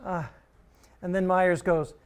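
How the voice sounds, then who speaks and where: A man telling a backstage comedy-club anecdote in a casual, lively way on a podcast. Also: high voice, slow. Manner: lively, sing-song storyteller. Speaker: comedy podcast guest or co-host.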